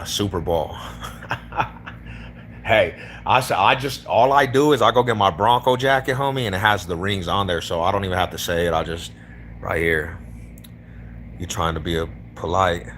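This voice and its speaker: This East Denver livestreamer speaks low and unhurried, pausing often, with a fairly bright tone and a Denver accent. Chatting with strangers in a laid-back, slangy way, he throws around homie, bro and fool. Slight background noise sits under the recording.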